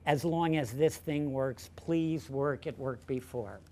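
A man's voice: mid-range voice, slow pace, mellow, soft background music. An older male professor telling a chatty, self-deprecating story during a colloquium talk. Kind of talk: anecdotal lecture.

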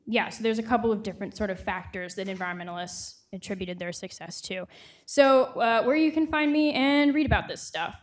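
Young woman presenter, earnest and reflective, speaks with many fillers. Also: medium pitch. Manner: earnest, thoughtful, frequent "um" and "uh" fillers. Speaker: student reporting fellow presenting her project. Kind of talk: conference presentation.

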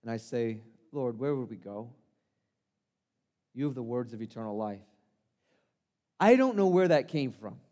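A man's voice: mid-range voice, expressive, unhurried, long pauses, dark tone, natural voice. A man performing a first-person monologue as the disciple Peter, an impulsive, earnest fisherman, telling his story in a conversational, self-deprecating way in a church sanctuary. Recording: long reverb of a church hall.

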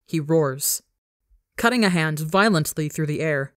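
Low-voiced woman narrating a story. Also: expressive, measured pace, a bit bright, dry recording, clean studio sound. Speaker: podcast narrator.

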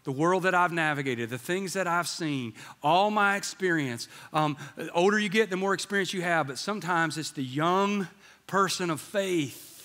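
A man's voice: high-pitched, normal speed, sharp tone, big-room sound. A man in his fifties preaching a sermon, telling a candid story and acting out the dialogue. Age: 50s. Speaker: pastor. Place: church sanctuary.

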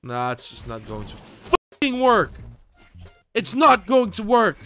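A young man giving excitable gameplay commentary as host, swearing and bursting into sudden yells. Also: high-pitched, slow, over music. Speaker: gaming channel host.

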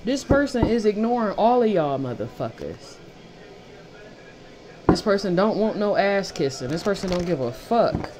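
A woman's voice: medium pitch, big pitch swings, moderate pace, background noise. Fired-up, profane tarot reader woman. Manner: repeats phrases for emphasis. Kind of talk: casual tarot reading monologue.

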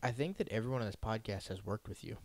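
Low-voiced man, dry close sound. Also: lively intonation, fast, darkish tone, dry recording. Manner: laughs often, rambling asides. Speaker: podcast co-host. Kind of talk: casual chat.

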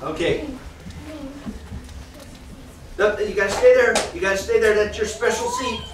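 A man teaching a children's church class, reading a Bible passage and then explaining it to the kids in a lively storytelling way. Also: high-pitched, brisk. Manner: animated storyteller, reads scripture then talks directly to the kids. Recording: echoey room from far off, faint noise.

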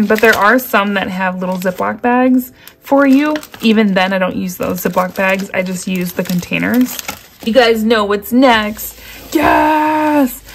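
A woman's voice: medium pitch, a little slow, gravelly, a little hiss or hum. A woman vlogging a craft unboxing at a table indoors, gushing and exclaiming as she talks straight to her viewers. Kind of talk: excited unboxing chat. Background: crinkling packaging.

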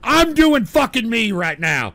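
A radio host man with a strikingly high, gravelly voice. He rants and shouts in a bright, sharp tone, swearing in exasperated bursts. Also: sing-song, measured pace. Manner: shouting, profane, exasperated outbursts. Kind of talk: live call-in radio rant.

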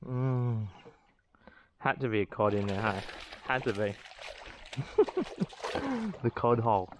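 A young man, a fishing vlogger, chatting to his camera outdoors by the water, excitable and swearing as he mutters to himself. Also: mid-range voice, takes it slowly, slight background noise. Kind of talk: casual running commentary to camera.

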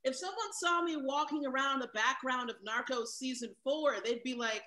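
A woman's voice: sits high, moderate pace, pushed and bright, low-quality recording. A woman doing a stand-up set, with a wry, punchy delivery and asides to the audience. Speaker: stand-up comic. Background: crowd laughing.

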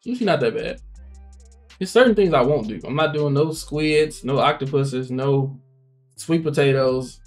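A man's voice: mid-range voice, measured pace, darkish tone, soft background music. Laid-back rambling man chatting. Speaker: co-host of a reaction show. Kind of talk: casual chat.

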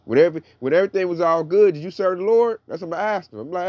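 Here a man preaches with a fairly high, expressive voice, talking a little fast and using loose street slang as he reads scripture aloud in a casual sermon. The recording has no echo but sounds dull.

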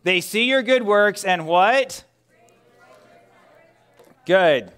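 Fairly high-voiced male pastor preaching. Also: lively intonation, drawn-out words. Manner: conversational, swings between loud emphasis and hushed near-whisper; asks the congregation many rhetorical questions. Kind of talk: sermon. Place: church sanctuary.

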